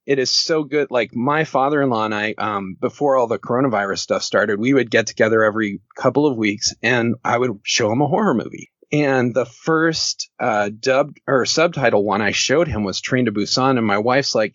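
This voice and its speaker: A man's voice: mid-range voice, normal speed, few pauses, fairly bright tone, no echo. A man talking casually as a podcast guest, joking and rambling and laughing often. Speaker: podcast guest, horror author. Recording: dull lo-fi podcast audio.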